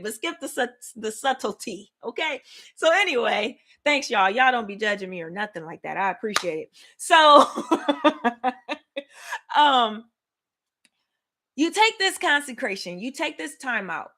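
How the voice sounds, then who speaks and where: A woman hosting a casual live Bible study, lively and laughing as she talks straight to her viewers. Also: a little high. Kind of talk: casual livestream Bible teaching. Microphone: webcam or desk mic on a live stream.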